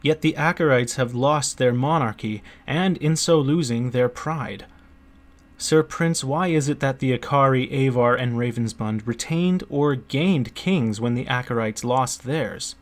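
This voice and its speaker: An earnest merchant pressing his case to a prince in an audiobook, read by a man. The voice sits at an ordinary male pitch and leans forward with a pleading, persuasive push, keeping the reading plain rather than theatrical. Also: unhurried, lightly acted. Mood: urgent.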